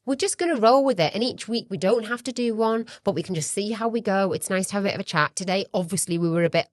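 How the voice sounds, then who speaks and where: A woman's voice: medium pitch, fast, no room sound, studio quality. A woman co-hosting a casual podcast chat, playful and teasing, laughing often and calling her partner pet names. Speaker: podcast co-host. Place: home in Melbourne.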